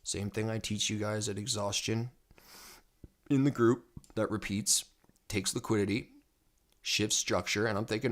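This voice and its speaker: A man giving casual, rambling commentary on crypto charts as a trading educator, excitable and prone to repeating himself. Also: fairly low pitch, moderate pace.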